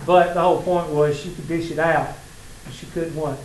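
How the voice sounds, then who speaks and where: A man's voice: on the high side, steady tone, moderate pace, slight background noise. A man with a Southern accent teaching a college math class, telling stories and joking with his students. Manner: folksy, joking, teasing the class. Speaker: math instructor. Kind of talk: classroom lecture with storytelling. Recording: echoey classroom with faint ambience.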